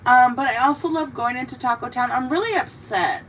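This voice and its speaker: A woman's voice: high-pitched, animated, a little fast, fairly bright tone. A young woman hosting a casual drinking chat, rambling, swearing freely and heartfelt. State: tearful in places. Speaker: host. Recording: mic a bit distant, faint background noise.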